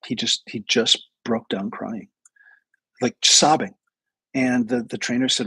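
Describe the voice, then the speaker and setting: A man's voice: mid-range voice, fairly even intonation, unhurried, long pauses, pushed and bright, breathy edge, no room sound, low-quality recording. A man hosting a casual livestream, telling long rambling stories with many fillers and restarts. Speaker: host.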